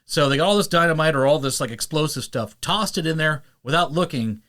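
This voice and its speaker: A man hosting a podcast and chatting casually, animated and quick to slip into playful voices; he narrates audiobooks. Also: fairly high pitch. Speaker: podcast host. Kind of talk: casual chat.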